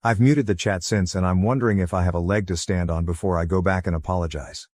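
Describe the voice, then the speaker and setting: Deep-voiced man narrating a story. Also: dry recording, clean studio sound. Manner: even, measured storytelling. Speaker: narrator of a forum post. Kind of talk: scripted first-person story narration.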